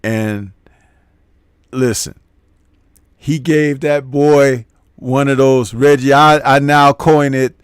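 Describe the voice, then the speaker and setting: Male host for a loose post-fight boxing chat: mid-pitched, rambling, amused, recorded dry and close. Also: fairly even intonation, takes it slowly, long pauses, smooth, no echo. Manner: rambling, chuckles at his own jokes. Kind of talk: casual post-fight commentary, reading live chat.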